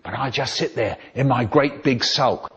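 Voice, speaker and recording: A man telling comic stories in an animated, exaggerated way, with sudden leaps in pitch. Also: normal speed, husky, muffled recording. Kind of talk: spliced comic storytelling.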